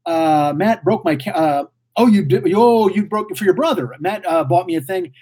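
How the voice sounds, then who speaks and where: Speaking at a normal pace, this man has a high, darkish, slightly rough voice. The podcast host, in his forties, reads chat on a casual livestream and rambles with plenty of profanity, a mouthy talker who blurts without thinking.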